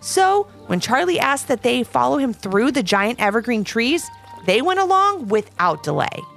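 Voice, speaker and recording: A woman co-narrating a children's story, chatting playfully between the scenes. Her voice sits high and moves with an animated range. Faint music runs in the background. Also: moderate pace, gravelly.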